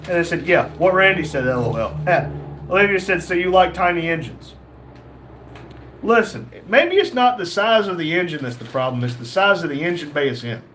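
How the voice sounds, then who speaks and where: A man's voice: a little high, lively intonation, normal speed, fairly bright tone, a little hiss or hum. A young man hosting a casual livestream, reading chat messages aloud and joking.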